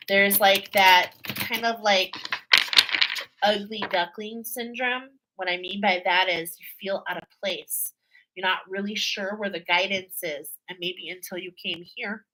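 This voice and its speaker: A woman's voice: mid-range voice, sharp tone, poor audio. A woman giving a casual spiritual tarot reading to her viewers, chatty and repetitive, often checking in with "okay?". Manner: chatty, repeats herself, frequent "okay?" and laughs. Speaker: tarot card reader.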